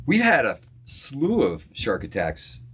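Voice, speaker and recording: A man from Florida, a musician hosting a live stream from his home studio, chatting casually with viewers, laid-back and quick to laugh. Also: medium pitch, huge pitch swings, a bit bright, breathy edge.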